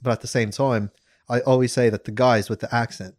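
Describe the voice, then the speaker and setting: A man's voice: mid-range voice, fairly even intonation, brisk. A young man co-hosting a podcast, telling a crude story with self-mocking jokes and frequent laughter. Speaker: podcast co-host. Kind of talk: casual storytelling chat.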